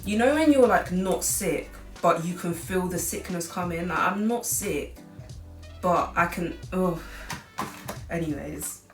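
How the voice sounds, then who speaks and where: Sitting at her kitchen counter, a young woman in her late teens talks her way through a cooking vlog in an unhurried, fairly low voice, chatty and meandering with "like" everywhere. The recording sounds echoey and distant, with music underneath.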